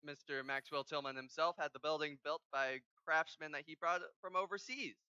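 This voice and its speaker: A man narrating as game master at a tabletop game, relaxed with many fillers. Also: a little high, moderate pace, clean tone, no echo, lo-fi sound.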